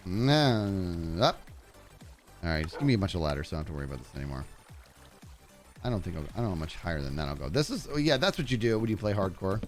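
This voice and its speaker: Excitable lower-voiced male streamer. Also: fast, faint music behind. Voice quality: growly when loud. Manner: excitable storyteller, talks to chat while playing. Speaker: game streamer. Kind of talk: live gaming stream chat.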